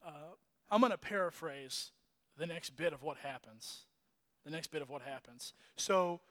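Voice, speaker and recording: A man's voice: sits high, a bit bright. A man giving a casual, conversational sermon, retelling a story with restarts, fillers and chuckles. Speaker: preacher.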